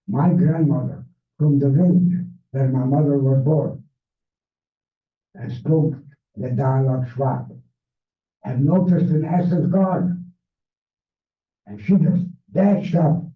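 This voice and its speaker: A man's voice: medium pitch, phone-quality sound. Older Hungarian-accented man in an echoey hall. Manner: measured storytelling with non-native grammar. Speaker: Holocaust survivor speaker. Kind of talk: personal testimony talk. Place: library event room. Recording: echoey, distant, phone-thin sound.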